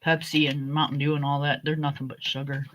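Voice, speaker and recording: A woman hosting a livestream, chatting in a relaxed way and reminiscing. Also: low voice, a little fast, a little hiss or hum. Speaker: livestream host. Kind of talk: casual chat.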